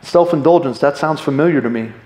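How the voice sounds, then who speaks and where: A man's voice: on the high side, brisk, darkish tone. A middle-aged male pastor giving a conversational, jokey sermon to his congregation. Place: church hall. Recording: echoey church room.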